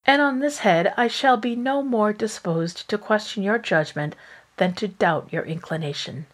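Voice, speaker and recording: A woman's voice: normal speed, lightly acted. A woman voicing an earnest, anxious genteel middle-aged mother as she reads aloud. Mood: gracious. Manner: earnest, raised pitch. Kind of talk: reading aloud.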